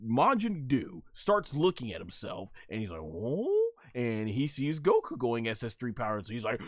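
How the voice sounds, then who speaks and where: A man reviewing an anime episode on a stream, excitable and laughing often as he acts out the characters' shouts. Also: medium pitch, moderate pace, no room sound. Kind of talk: excited commentary on a livestream.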